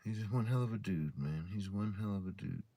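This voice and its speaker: A man's voice: lowish voice, a little fast, dark tone, no room sound. A man casually telling stories to his livestream audience in a rambling, heavily profane way while drinking a beer. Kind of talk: casual storytelling chat to a live audience.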